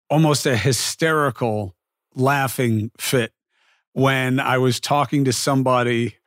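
A man's voice: medium pitch, no echo, studio quality. A man hosting an interview, asking questions and telling stories in a chatty way full of fillers. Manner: chatty storyteller, lots of fillers. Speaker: interviewer host. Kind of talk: casual interview chat.

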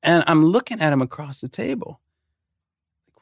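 A man's voice: fairly high pitch, sing-song, moderate pace, creaky, dry recording, studio quality. A man in his forties, a podcast guest, telling stories animatedly in casual chat and swearing freely. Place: podcast studio.

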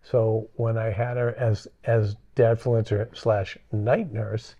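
Middle-aged guy, gravelly low voice, halting casual podcast storytelling, kinda lo-fi sound. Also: little pitch movement, mellow. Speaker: podcast co-host. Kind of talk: casual chat.

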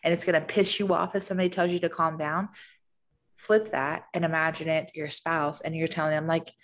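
A woman with a lilt talks candidly on a casual podcast, her voice sitting a little low. She tells stories with animated energy and quick asides. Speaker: podcast co-host, military spouse. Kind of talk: casual chat.

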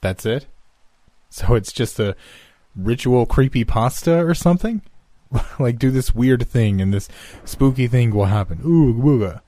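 A man's voice: medium pitch, lively intonation, dark tone, no echo, pitched above the performer's own voice, natural voice. A man voicing a sarcastic young male friend who mocks and jokes. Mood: mocking. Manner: mocking and quick to joke.

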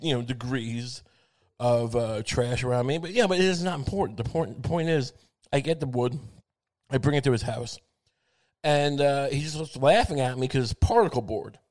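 A man's voice: mid-range voice, a little mellow. Rambling, profane man in a comic monologue. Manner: profane, self-mocking, halting restarts.

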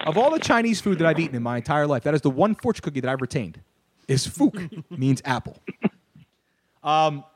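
A young man, co-hosting a podcast and ranting animatedly, swearing and shouting his punchlines. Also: fairly high pitch, big pitch swings, brisk. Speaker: podcast co-host. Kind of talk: casual ranting chat.

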